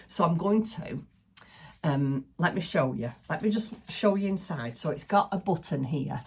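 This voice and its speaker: A middle-aged woman hosting a crafting channel, chatting excitedly to the camera at home and laughing often. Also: sits low, slightly rough. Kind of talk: casual chat to camera. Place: small home craft room.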